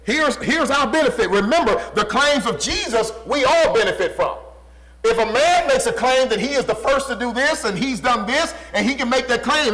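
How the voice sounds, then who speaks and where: Pastor preaching a sermon, pretty high voice, punchy repetitive lines. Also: male voice, animated, normal speed, poor audio. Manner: emphatic, repetitive preaching cadence, dropping low and quiet for stress.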